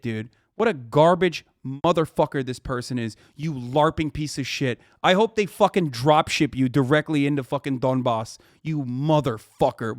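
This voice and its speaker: A man's voice: a little high, no room sound. Man, livestream reaction rant, profane, heated, dry close mic. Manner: profane, heated ranting at chat. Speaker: streamer.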